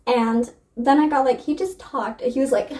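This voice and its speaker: A woman's voice: high-pitched, fairly even intonation, normal speed, a little mellow, recorded from a distance. A young adult woman chatting casually about books, gushing and filling her talk with "like". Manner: gushing, filler-heavy "like" talk. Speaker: book vlogger. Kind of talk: casual chat to camera.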